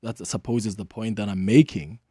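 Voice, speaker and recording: South African radio host in a dry studio. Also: male voice, fairly low pitch, brisk, warm tone, breathy edge, dry recording. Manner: conversational, engaged, often laughing with callers. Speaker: radio talk show host. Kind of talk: call-in radio talk. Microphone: studio microphone.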